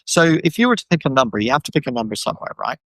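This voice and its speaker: A man with a gravelly, creaky voice talks as an animated podcast guest, often slipping into quoted voices of the people he describes. His speech is full of "you know" and "um", and he sounds dry and close on a video call mic. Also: mid-range voice, very fast, no echo, low-quality recording. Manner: animated, acts out quoted voices, many fillers. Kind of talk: casual conversational discussion. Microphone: video call microphone.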